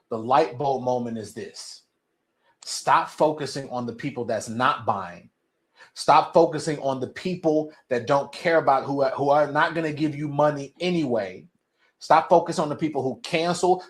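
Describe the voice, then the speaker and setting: A man giving a passionate motivational talk to a live audience of founders, repeating his points for emphasis. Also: on the high side. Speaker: speaker at a business event.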